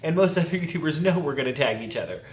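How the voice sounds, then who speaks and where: A man's voice: fairly high pitch, animated, fast, a little hiss or hum. Chatty man in an echoey room. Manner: rambling, self-interrupting, laughs often. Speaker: YouTube vlogger. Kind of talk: casual chatty tag video.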